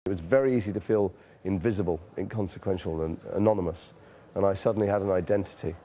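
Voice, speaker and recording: Man, northern English accent, forties, deep-ish mellow voice, candid self-deprecating interview anecdotes. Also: fast. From northern England. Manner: frank, self-deprecating storytelling with casual swearing. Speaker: actor being interviewed.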